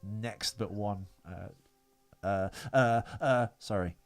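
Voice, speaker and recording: A man's voice: fairly low pitch, slow pace. Rambling man reading trivia on a podcast. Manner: rambling, hesitant, reads trivia with many fillers. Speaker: podcast co-host. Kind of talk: casual chat.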